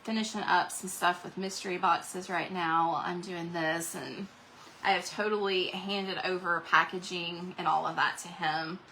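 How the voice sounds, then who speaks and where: A middle-aged woman with a drawl talks loosely and warmly to her viewers as she paints, drifting from one thought to the next. Her voice has a bright, clear edge. A faint noise hangs in the background. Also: on the low side, steady tone, measured pace, rough recording. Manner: rambling, chatty, reads out viewer comments. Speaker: craft livestream host. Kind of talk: casual livestream chat while painting.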